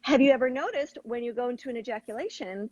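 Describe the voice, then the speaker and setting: A woman's voice: a little high, animated, fast talker, a little mellow, no echo, muffled recording. A woman host explaining techniques in an earnest, coaching tone. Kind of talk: conversational teaching.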